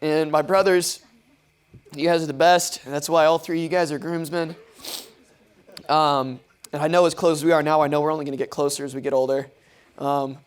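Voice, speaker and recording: A young man, the groom, gives a rambling, heartfelt toast at his wedding reception, full of ums and restarts. He is choked up and keeps fighting back tears. His voice sits a little high for a man. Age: young adult. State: tearful, choked up. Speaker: groom giving a wedding speech.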